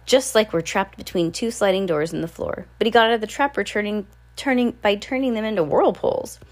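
A woman's voice: mid-range voice, brisk, voice pushed up, close to an everyday voice. A woman voicing a gloomy, bookish boy. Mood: anxious. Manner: anxious, gloomy.

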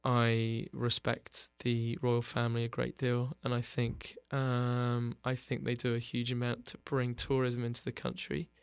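An English man in his thirties, an actor chatting in an interview with dry, self-mocking humor and many halting fillers. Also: medium pitch, completely flat delivery, clean tone, dry recording. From England. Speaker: actor guest. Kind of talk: casual interview chat.

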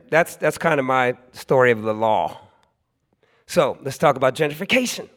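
Storyteller, forties, male, slightly high voice, loose and animated, slips into voices for other people. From Oakland, California. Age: 40s. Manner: laughs often, loose and conversational with many restarts. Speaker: storytelling speaker at a live event. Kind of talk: live storytelling monologue. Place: club stage before a live audience.

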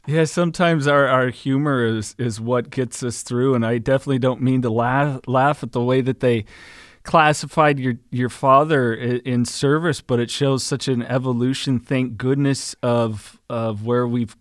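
A man hosting a podcast interview, speaking in a thoughtful, measured way. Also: mid-range voice, fairly even intonation, no room sound, clean studio sound. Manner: thoughtful, measured, laughs along. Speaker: podcast host.

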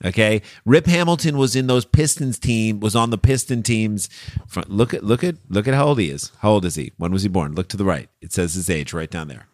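A man's voice: lowish voice, a little fast, no echo, studio quality. A man co-hosting a casual comedy talk show, reading odd news stories aloud and joking about them in a wry, riffing way. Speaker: co-host.

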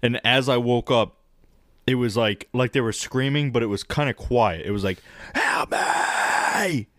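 A man in casual podcast chat, rambling and swearing as he tells an animated story about dreams. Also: medium pitch, moderate pace, no room sound, studio quality. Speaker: podcast co-host.

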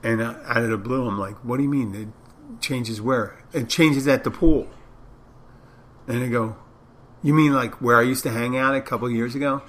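A man's voice: medium pitch, steady tone, normal speed, a bit bright. A man who works as a bartender, hosting a podcast and telling a rambling anecdote in a casual monologue, acting out both sides of the conversation. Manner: rambling anecdotes, acts out dialogue.

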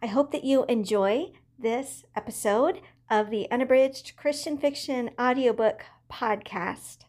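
High-voiced woman podcast host. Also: a little slow, darkish tone. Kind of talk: scripted podcast intro.

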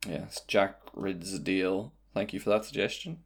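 Gravelly-voiced male podcast host. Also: low-pitched, measured pace. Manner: rambling, playful, reads out listener suggestions. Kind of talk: casual chat.

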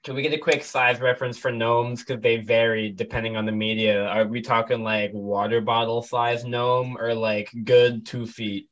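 A man's voice: medium pitch, little pitch movement, moderate pace, few pauses, a bit bright. A man playing a tabletop game, chatting casually with a dry, joking manner. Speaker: player.

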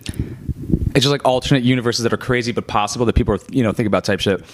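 A man's voice: medium pitch, fast, dry recording. A young man co-hosting a casual podcast, joking crudely and swearing constantly, sometimes chewing into the mic. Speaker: podcast co-host. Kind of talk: casual chat.

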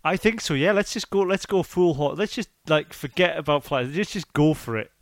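A man hosting a podcast, talking in an animated, rambling, jokey way. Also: a little high, normal speed, no room sound, studio quality. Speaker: podcast host. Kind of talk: casual chat.

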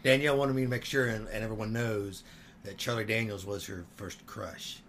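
A man's voice: fairly low pitch, fairly even intonation, brisk, a bit bright, a little hiss or hum. A man co-hosting a podcast, bantering in an easygoing, self-deprecating way. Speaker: podcast co-host. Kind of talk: casual chat.

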